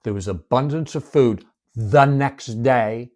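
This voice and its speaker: A man teaching the Bible as a sermon, retelling its stories dramatically and dropping to hushed whispers to make his point. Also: medium pitch, slow. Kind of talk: expressive Bible-study sermon.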